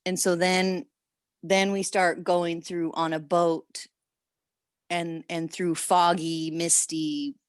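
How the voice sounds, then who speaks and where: A woman on a video call sharing a personal experience in a rambling, emotional way, halting often with restarts. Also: lowish voice, level tone, clear, resonant tone, no echo, clean studio sound. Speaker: workshop participant.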